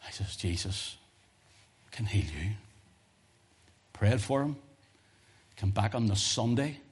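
A male preacher giving a sermon full of personal testimony stories, talking in an animated way that swings from loud emphasis to hushed tones. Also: lowish voice, slow, breathy edge.

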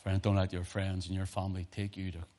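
A man preaching a sermon, telling a personal story in a hushed voice and then rising to loud preaching. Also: low-pitched, monotone, quick pace.

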